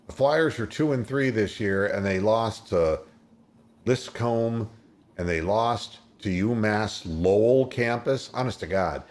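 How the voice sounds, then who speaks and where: A sports radio host in casual talk, retelling games play by play like a storyteller. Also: male voice, fairly low pitch, takes it slowly, darkish tone.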